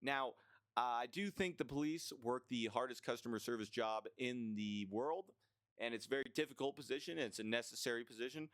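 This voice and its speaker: A young man rants his way through a list of gripes, blunt, sarcastic and quick to swear. His voice is smooth and resonant at a middle pitch. It is recorded close to the mic in a dry, dead room. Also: fairly bright tone, no room sound. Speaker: vlogger. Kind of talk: casual ranting list commentary.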